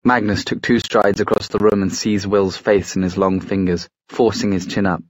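A man narrating a fantasy novel as an audiobook, in a steady storytelling manner. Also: fairly low pitch, normal speed, dry recording. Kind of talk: scripted narration.

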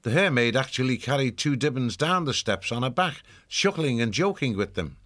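A man reading a children's fantasy novel aloud as the narrator, in an even storytelling delivery. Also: mid-range voice, moderate pace. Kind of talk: scripted audiobook narration.

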